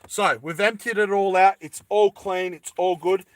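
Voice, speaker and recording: A man's voice: high-pitched, steady tone, moderate pace, no echo, studio quality. A man chatting casually through a lighter repair, rambling into jokey tangents and correcting himself as he goes. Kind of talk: casual how-to chat.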